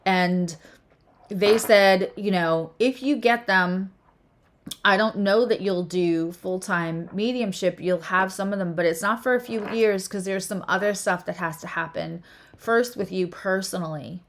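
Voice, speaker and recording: A woman astrologer and tarot reader hosting a casual spiritual chat, talking with animated emphasis and often restarting her phrases. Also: medium pitch, unhurried, a little hiss or hum.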